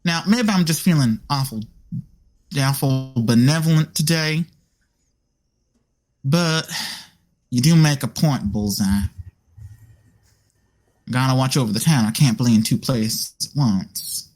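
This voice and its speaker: A man voicing a gruff, no-nonsense woman sheriff in a tabletop game, blunt and drawling. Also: mid-range voice, slow pace, pauses often, darkish tone, natural voice. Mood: grudging. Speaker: game master.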